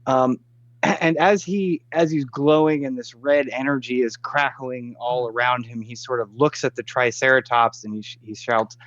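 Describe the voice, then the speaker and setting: A man's voice: medium pitch, moderate pace, fairly bright tone, no room sound, dull audio. Man reading out game rules. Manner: reads rules aloud at length, with fillers. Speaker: player. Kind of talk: casual tabletop game play.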